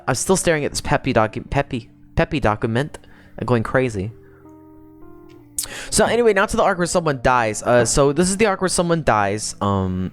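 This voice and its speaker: A young adult woman chatting casually on a livestream, rambling and swearing freely, with faint music behind her. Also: very deep voice. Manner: rambling, profane, quick to laugh. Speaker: streamer.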